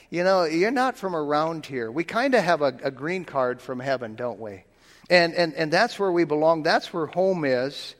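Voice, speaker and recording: A man preaches in an easygoing, folksy manner, often repeating his words and slowing down for scripture. His voice sits a little high for a man. It rings with the long echo of a big church. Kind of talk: sermon.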